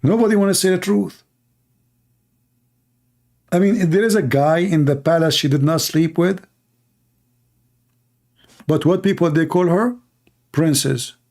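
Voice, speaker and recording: A man's voice: on the high side, measured pace, long pauses, a little mellow. A man from the Middle East with a Middle Eastern accent, mocking in blunt broken English on a livestream. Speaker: host. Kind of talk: livestream commentary.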